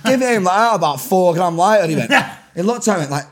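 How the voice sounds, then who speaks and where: A man in his thirties with a Manchester accent, telling rowdy stories on a podcast, animated and laughing as he acts out voices. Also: sits high, brisk. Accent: Mancunian. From Manchester, England. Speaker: podcast guest, rapper. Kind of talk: casual storytelling chat.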